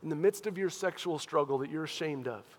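A man preaching a sermon as a pastor, earnest and questioning, moving from hushed, tender phrases to loud, pressing appeals. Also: fairly high pitch, fairly quick, big-room sound.

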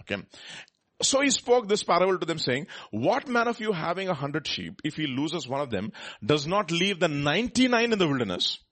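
Husky-voiced man preaching. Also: fairly high pitch, a little fast. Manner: animated, asks the crowd questions, reads scripture aloud. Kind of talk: sermon Bible teaching.

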